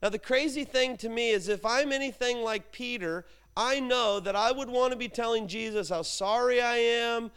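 A man delivers a sermon in an easygoing, chatty way, full of asides to the congregation. His voice sits high and rings clear and smooth. He tells his stories as if he were talking with friends. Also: normal speed, hardly any pauses, fairly bright tone. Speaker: pastor. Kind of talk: conversational sermon.

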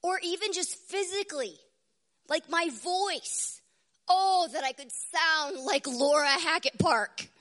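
Fervent slow-speaking woman preacher, strained voice. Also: extremely high pitch. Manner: fervent, swings between hushed whispers and loud exclamations. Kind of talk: devotional sermon.

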